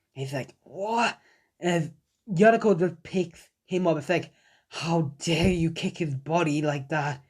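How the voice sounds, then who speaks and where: A man casually narrating a fan-made story. He rambles, leans on fillers, and talks straight to his viewers. His voice sits somewhat high for a man. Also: darkish tone.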